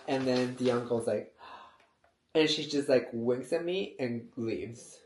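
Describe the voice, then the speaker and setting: A man tells a story in a chatty, gossipy way, filling it with "like" and jumping into high squeals for the quotes. The room around him rings with echo. A faint hiss sits under the voice. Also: measured pace, darkish tone. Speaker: vlogger. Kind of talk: casual storytelling. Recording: roomy echo with faint noise.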